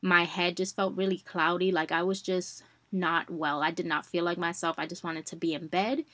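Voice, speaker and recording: A woman's voice: lowish voice, moderate pace, no echo. Chatty young woman, dry close sound. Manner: chatty, addresses listeners as y'all, animated retellings. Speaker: podcast host. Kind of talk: casual personal storytelling podcast.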